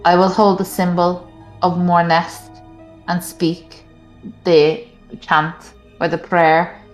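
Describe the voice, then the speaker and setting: A woman's voice: fairly low pitch, little pitch movement, takes it slowly. A woman playing a tabletop game, who hesitantly explains her character's plan step by step. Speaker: player. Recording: echoey room with music behind.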